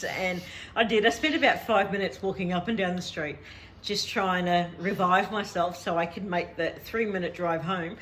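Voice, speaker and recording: A woman's voice: mid-range voice, normal speed, fairly bright tone, slight background noise. A middle-aged woman, chatting casually as a vlog host and laughing often as she tells a story. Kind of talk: casual chat.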